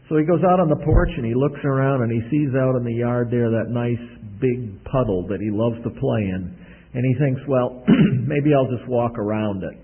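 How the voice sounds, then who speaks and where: A man preaching a sermon in a homey storytelling manner, often clearing his throat, with a husky voice. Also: medium pitch, normal speed. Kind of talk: sermon with a told illustration. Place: church service. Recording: tinny phone-like recording.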